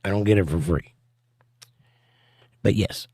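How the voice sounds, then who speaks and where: With a low, dark voice that has a breathy edge, a man hosts a casual livestream, reading chat comments aloud and answering with wry jokes. He speaks a little slowly, and the studio sound is clean with no room tone.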